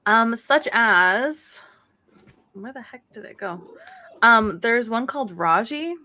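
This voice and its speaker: A woman's voice: a little high, animated, takes it slowly, sharp tone. A chatty woman co-hosts a gaming podcast in easygoing talk. She laughs often and trails off while hunting for names. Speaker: podcast co-host. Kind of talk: casual chat.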